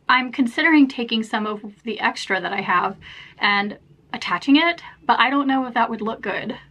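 A woman's voice: on the high side, a bit bright. A young woman vlogging to camera in a chatty, self-deprecating way, laughing often. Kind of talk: casual chat to camera.

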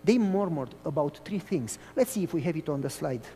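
Animated preacher in a reverberant hall. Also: male voice, on the high side, fairly quick, faint music behind. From Romania. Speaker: pastor. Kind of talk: sermon.

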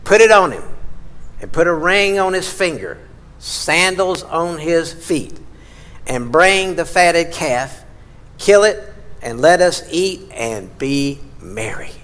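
A preacher voicing a joyful, generous old father who welcomes his returning son with loud, emphatic commands. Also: medium pitch, expressive, a little slow, few pauses. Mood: jubilant. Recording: long reverb in a large hall.

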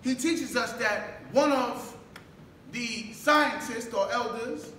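The sermon comes at a slow pace from a mosque minister whose very high voice sounds bright and forceful. Asking rhetorical questions and pausing for the congregation's answers, he works up to shouts; the recording is distant, echoey, and carries faint background noise.

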